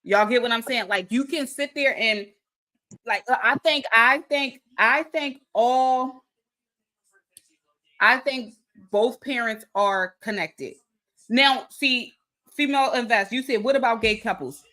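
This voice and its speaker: This woman hosts a casual online chat, speaking in with a bright, forceful tone. She talks with emphasis and keeps turning to her audience with direct questions. Her voice sits on the higher side. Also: unhurried. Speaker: host. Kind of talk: casual video-call chat.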